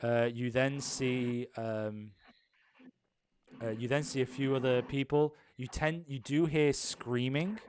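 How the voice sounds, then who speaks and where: A young man narrating an improvised tabletop game as game master, rambling with many pauses and restarts. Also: mid-range voice, steady tone, a little mellow, slight background noise.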